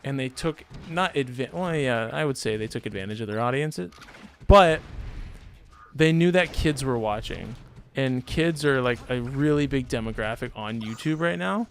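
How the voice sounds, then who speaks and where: A man's voice: medium pitch, expressive, moderate pace, a little hiss or hum. A young man streaming from home, telling a story in a loose, rambling way with lots of fillers. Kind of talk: casual storytelling chat.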